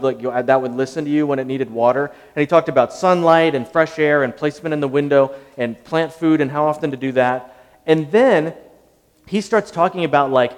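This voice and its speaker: Animated man telling a story in an echoey hall. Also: medium pitch. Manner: animated, conversational, self-deprecating. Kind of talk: storytelling talk.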